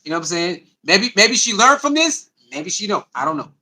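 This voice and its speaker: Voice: medium pitch, very animated, brisk, pushed and bright. A sports commentary host, reacting to clips and chat in a loose, repetitive way.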